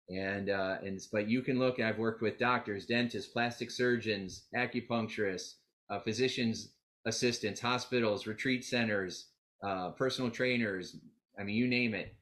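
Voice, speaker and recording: A man presenting a live motivational seminar on getting clients, telling stories with acted-out quotes and calling on the audience to repeat after him. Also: on the low side. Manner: energetic, animated storytelling with quoted dialogue.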